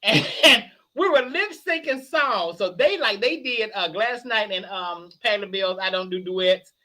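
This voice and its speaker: A man chatting casually as a guest, an animated storyteller who laughs often and sounds a little tipsy. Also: high-pitched, normal speed. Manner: animated storyteller, laughs a lot, hoarse shouts when excited. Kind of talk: casual chat.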